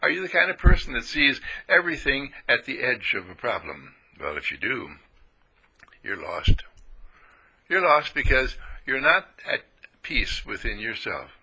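Gravelly, animated male preacher. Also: measured pace, poor audio. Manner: animated, playful, swoops into high voices for sheep and characters. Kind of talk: folksy spiritual sermon.

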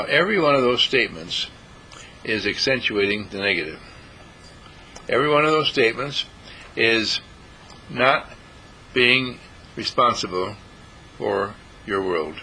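Deep-voiced preachy man, bright and forceful. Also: animated, a little slow, pauses often, a little hiss or hum, rough recording. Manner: preachy, rhetorical questions, voices imagined listeners. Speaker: radio talk host and dean of a healing school. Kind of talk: spiritual talk monologue.

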